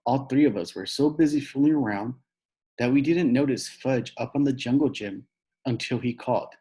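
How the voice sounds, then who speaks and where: A man reading a children's book aloud, telling it in an animated way. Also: medium pitch, normal speed, husky. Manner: animated storytelling with a boyish narrator's voice. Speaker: reader.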